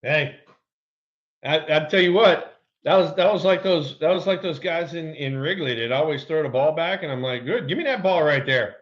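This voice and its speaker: Guy spinning an old story, kinda high voice, dull lo-fi sound, keeps repeating himself. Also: moderate pace. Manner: animated storyteller, repeats words, acts out quotes. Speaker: co-host, former ballplayer. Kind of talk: casual storytelling chat.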